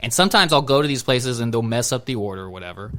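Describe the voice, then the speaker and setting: A man chatting casually on a podcast, telling animated stories and calling his friends "dude" and "bro". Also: mid-range voice, fast. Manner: animated storytelling, acts out quoted exchanges; says "dude" and "bro" a lot. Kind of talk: casual chat.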